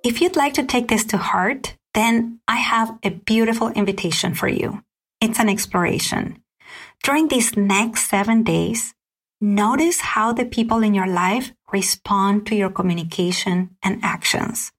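A woman hosting a solo podcast, calmly walking listeners through a list of questions at a measured pace. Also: mid-range voice. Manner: calm, measured, lists questions one by one. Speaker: podcast host. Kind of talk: scripted solo podcast teaching.

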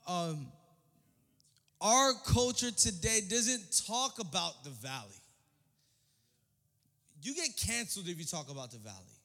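A young man preaching a sermon as pastor, speaking in casual slang and repeating phrases, swinging between hushed and shouted delivery. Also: sits high, very animated, measured pace, long pauses. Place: church hall. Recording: long hall reverb.

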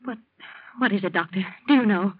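A woman's voice: medium pitch, fairly quick, husky, close to an everyday voice. A woman playing a devoted, anxious wife in a 1940s radio drama, soothing and pleading. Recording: dull lo-fi old radio recording with faint hiss.

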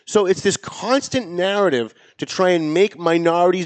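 A man's voice: high-pitched, normal speed. A man hosting a political talk show, speaking in a sarcastic, mocking tone. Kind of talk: political commentary chat.

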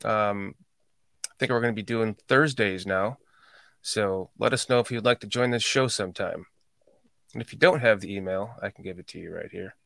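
A man's voice: fairly low pitch, normal speed, creaky, fairly bright tone, dry recording. A man hosting a casual podcast chat, joking, teasing and swearing with his guest. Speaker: host.

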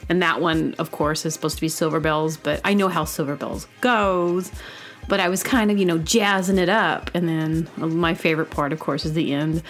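A woman's voice: deep voice, fairly even intonation, normal speed, soft background music. Rambling, chatty woman host. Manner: chatty and meandering, with many fillers and silly asides. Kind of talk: casual rambling monologue.

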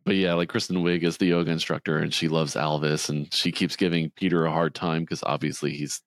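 Deep-voiced man recapping a movie. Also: little pitch movement, fairly quick, no room sound. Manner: retells scenes, acting out quotes in a higher voice. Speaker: podcast co-host. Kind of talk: casual movie recap chat.

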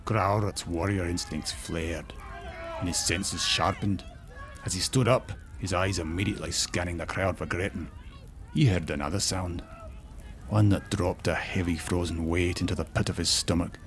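A man narrating a fantasy story in a measured, expressive storytelling manner. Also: deep voice. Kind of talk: audiobook-style fantasy story reading.

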